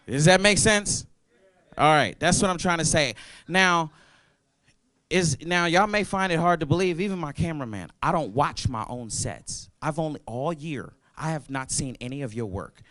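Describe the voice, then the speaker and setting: Young stand-up man, high voice, loud and playful with apologetic asides, on a dry close mic. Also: expressive, moderate pace, no echo. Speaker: stand-up comedian. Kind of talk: open mic stand-up set. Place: comedy club stage.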